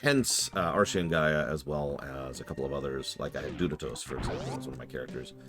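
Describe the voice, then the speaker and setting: A man's voice: extremely low pitch, fairly even intonation, fast talker, loud music behind the voice. A man streaming live, casually answering chat questions in a rambling, self-deprecating way.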